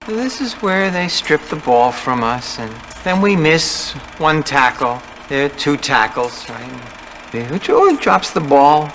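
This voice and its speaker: An actor playing a timid, anxious middle-aged football coach who mutters to himself in hushed, jittery tones, in a movie clip. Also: male voice, a little high, expressive, a little slow, a little hiss or hum. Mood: muttering.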